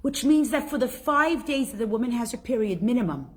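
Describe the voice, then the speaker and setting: A middle-aged woman teaching a live online class, chatty and animated, reading out viewer comments as she goes. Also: fairly high pitch, a little fast, breathy edge.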